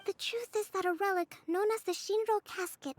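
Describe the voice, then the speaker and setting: Kokomi, a gentle high-voiced priestess. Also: female voice, fairly even intonation, a little hiss or hum. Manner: soft, measured and gentle. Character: calm young female priestess and strategist.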